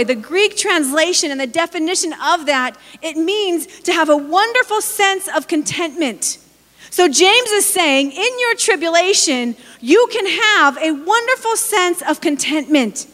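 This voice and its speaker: A woman's voice: sits high, fairly bright tone. A woman in her forties preaching a sermon, telling personal stories with humor and speaking directly to the congregation. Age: 40s. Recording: long hall reverb.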